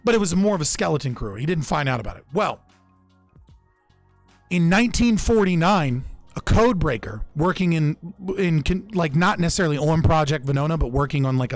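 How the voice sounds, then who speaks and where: Fairly high-pitched and free of echo, this young man's voice carries a casual podcast retelling of political history. He's loose and swears freely, often starting his sentences over.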